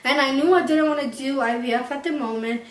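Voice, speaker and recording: A woman's voice: high voice, fast. A young woman vlogger candidly telling a personal story to camera, emotional and tearful at times. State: crying at times. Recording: echoey room, far from mic, faint music.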